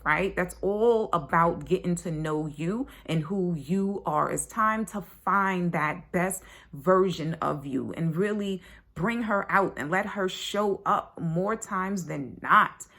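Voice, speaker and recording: A parenting coach with a lowish, fairly bright voice talks casually to her online course members. She's chatty and blunt, swears freely, and tags sentences with "right?" and "like".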